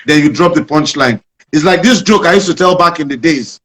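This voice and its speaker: A Nigerian man, a comedian being interviewed, explaining his craft and telling jokes in an animated storytelling manner with a Nigerian accent. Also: a little high, fairly quick, low-quality recording. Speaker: comedian guest.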